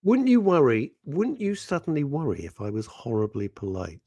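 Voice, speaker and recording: A man's voice: medium pitch, huge pitch swings, normal speed, dark tone, dry recording, studio quality. A man hosting a radio show in casual, teasing chat, laughing often and reading out listener messages. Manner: playful, teasing, laughs often, reads out messages in put-on voices. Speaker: radio host. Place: radio studio.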